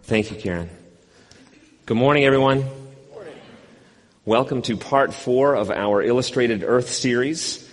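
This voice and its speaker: A man's voice: mid-range voice, measured pace, pauses often, big-room sound. A man in his fifties, a pastor preaching a sermon with a wry, self-deprecating storytelling manner.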